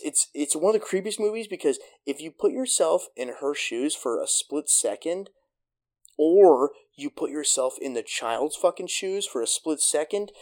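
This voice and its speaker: A man hosting a casual podcast chat, eagerly retelling a movie plot with lots of swearing and filler words. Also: a little high. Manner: excited retelling, heavy swearing. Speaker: podcast host.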